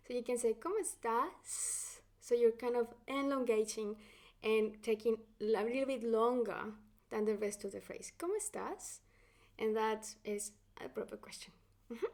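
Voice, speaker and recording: A woman's voice: fairly high pitch, a little mellow. A woman with a Latin American Spanish accent, a native Spanish speaker, teaching an online Spanish lesson patiently, with many fillers and restarts.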